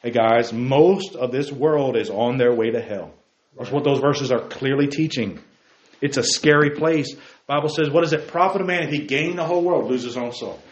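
A man's voice: mid-range voice, normal speed. A man preaching a sermon to a room of young men, emphatic, repeating key phrases and calling listeners by name. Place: church room with a group. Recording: roomy, dull lo-fi recording with faint noise.

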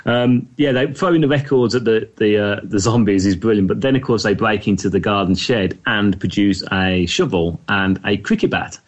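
A man's voice: fairly low pitch, moderate pace, few pauses. An Englishman hosting a casual podcast about films, chatty, laughing often and repeating words as he goes. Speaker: podcast host. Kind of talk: casual film discussion.

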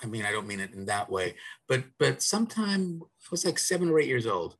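A man's voice: medium pitch, lively intonation, fairly quick, a bit bright. A man from South Africa, middle-aged or older, talking as a guest on a podcast in a rambling way, with restarts and fillers. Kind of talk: casual interview chat.

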